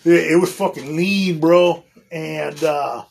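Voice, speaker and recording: Husky guy in his 40s, kinda high voice, cussing nonstop while he rambles through a story. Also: fairly even intonation, slow pace. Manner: profane, rambling, swearing constantly. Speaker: union electrician guest. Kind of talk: casual storytelling chat.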